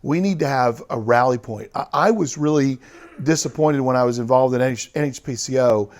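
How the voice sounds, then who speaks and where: A man's voice: medium pitch, fairly quick. A man leading part of a conference discussion, earnest and rallying the group. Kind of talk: open-forum conference talk.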